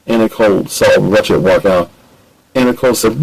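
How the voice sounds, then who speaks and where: A man narrating an amateur audiobook in a plain, steady reading voice. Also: lowish voice, normal speed, creaky, husky, poor audio.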